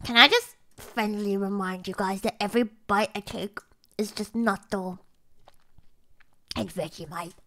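A young woman streamer commenting on a food challenge to her viewers, dramatic and profane, swinging between low groans and shrieks. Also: unhurried, bright, forceful tone. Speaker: VTuber streamer.

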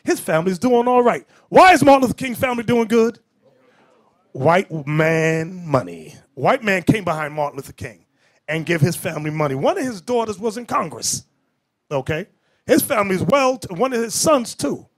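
High, lively preaching man. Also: brisk. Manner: preachy, shouts for emphasis, quotes others. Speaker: bishop preaching. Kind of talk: animated sermon with storytelling.

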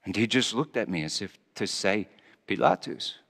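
A male pastor preaching a dramatic first-person monologue, speaking in character as a Roman governor with a theatrical, halting delivery. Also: on the low side, a bit bright. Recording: long reverb of a large hall.

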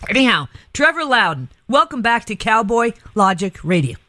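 A woman's voice: on the high side, sing-song, normal speed, bright, forceful tone, no echo. A middle-aged woman hosting a talk radio show, chatty and rambling, laughing easily between her words. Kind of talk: casual radio banter.

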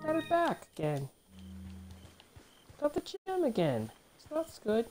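A woman with a high, widely swinging voice talks slowly through a video game, blurting out curses and exasperated complaints. Faint noise sits under the recording. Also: wildly swooping pitch, a little mellow. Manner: swearing, exasperated outbursts at the game. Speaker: gamer. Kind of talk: casual let's-play commentary.

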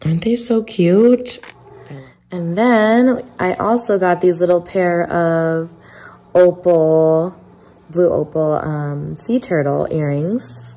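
A woman's voice: fairly low pitch, fairly even intonation, slow pace, dark tone. Congested, nasal young woman vlogging. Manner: chatty, gushing, talks in a sing-song voice to her dog. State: congested with a cold. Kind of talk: casual vlog chat.

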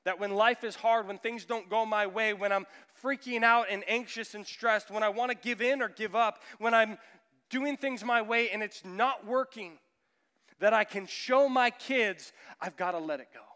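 Animated man preaching in an echoey hall. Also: sits high, normal speed, clean tone. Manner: animated, acts out quoted voices of his son and listeners. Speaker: pastor. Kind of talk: sermon. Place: church sanctuary.

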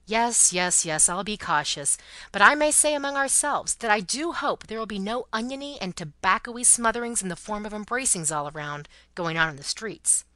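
A woman reading the part of a brisk, fiercely loyal Englishwoman companion who speaks emphatically and bossily. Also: mid-range voice, lively intonation, sharp tone, dry recording. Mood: emphatic. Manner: emphatic and bossy.

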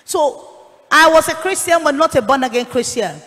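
A woman evangelist, giving an emotional testimony that rises to shouting. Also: high voice, animated, moderate pace, big-room sound. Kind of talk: sermon testimony.

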